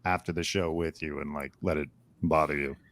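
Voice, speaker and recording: A man's voice: a bass voice, fairly even intonation, brisk, fairly bright tone, no echo, clean studio sound. A man hosting a casual interview, asking eager, bouncy questions. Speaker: podcast host.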